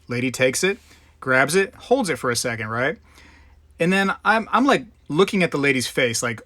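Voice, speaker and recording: A man's voice: medium pitch, expressive, moderate pace, pushed and bright, no room sound, studio quality. A man hosting a live stream in casual, rambling chat, greeting viewers by name. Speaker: livestream host.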